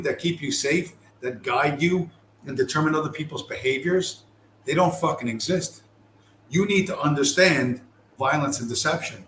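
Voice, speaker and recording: A man's voice: a little high, fairly bright tone, echoey room, slight background noise, low-quality recording. A man delivering a profane, contemptuous ranting monologue, aggressive and heavy with swearing. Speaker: commentator.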